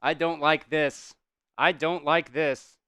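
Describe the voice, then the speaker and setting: Excitable high-voiced male stream commentator. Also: slow, smooth, no echo, studio quality. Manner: excitable, swears, talks to chat. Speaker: host doing live play-by-play. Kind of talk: casual live-stream commentary.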